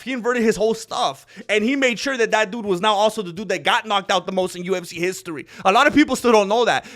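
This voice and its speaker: Young guy ranting about fights, high bright voice, excitable, laughs a lot. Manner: excitable, laughing, quotes others in put-on voices. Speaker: MMA commentary host. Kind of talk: casual commentary monologue.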